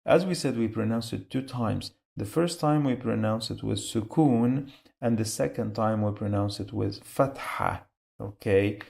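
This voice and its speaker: A man teaching a spelling lesson, slowly repeating each sound syllable by syllable. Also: fairly low pitch, gravelly, a little mellow. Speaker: Arabic teacher.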